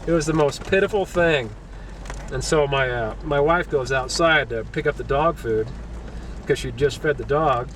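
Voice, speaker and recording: A man's voice: a little high, moderate pace, recorded from a distance, slight background noise, rough recording. A man chatting at an outdoor camp, telling stories and acting out what people said. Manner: animated storyteller who acts out what people said. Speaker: vlogger on a camping and gold-dredging trip. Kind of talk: casual storytelling chat and solo talk to camera. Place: outdoor camp on a wooded mountain hillside.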